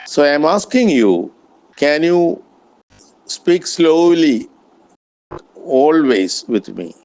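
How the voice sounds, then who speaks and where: A man practicing spoken English with an AI, speaking carefully and politely with frequent pauses and restarts. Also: on the high side, very animated, a little mellow. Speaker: English learner.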